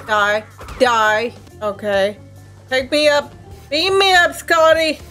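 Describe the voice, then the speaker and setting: A woman's voice: high-pitched, a bit bright. A young woman commentating her gameplay in a casual, anxious way, exclaiming and repeating herself often. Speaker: let's play gamer.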